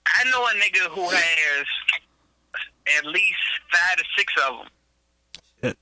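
A young man co-hosting a podcast in casual chat, blunt and slangy, reasoning his points out loud. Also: high voice, lively intonation, takes it slowly, no room sound, poor audio. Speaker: podcast co-host.

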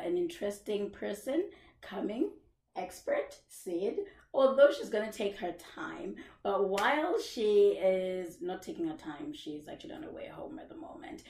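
A woman's voice: on the low side, echoey room, distant mic. A young woman hosting a casual live podcast, chatting, laughing often and greeting viewers by name. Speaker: podcast host. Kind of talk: casual live-stream chat.

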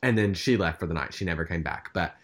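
A man's voice: low voice, fast. A man telling a story in casual chat, rambling with lots of fillers. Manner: rambling, chatty, with many fillers.

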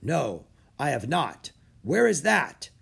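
A man voicing a gruff, burly Viking chieftain in a storybook reading. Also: a little high, big pitch swings, moderate pace, darkish tone, pitched above the performer's own voice, exaggerated voice. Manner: gruff, commanding.

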